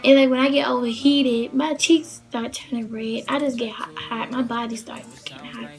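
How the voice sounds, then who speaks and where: A woman's voice: a little high, fairly even intonation, normal speed. A young woman from the Baltimore area casually telling a story, chatty and rambling with lots of fillers. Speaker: vlogger.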